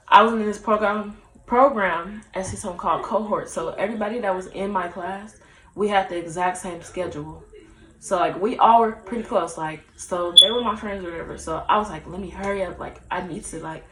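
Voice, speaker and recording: A woman's voice: lowish voice, a bit bright. A young woman telling a personal story to her camera in a casual, chatty way, full of fillers and acted-out dialogue. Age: young adult. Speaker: vlogger. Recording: echoey room.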